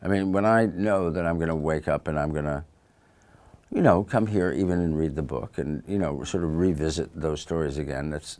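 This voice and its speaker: A man with an extremely low, deep voice talks in a relaxed conversational interview. He is thoughtful and unhurried, and his sentences often trail off softly. The recording is clean studio sound. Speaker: actor and author being interviewed. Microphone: studio microphone.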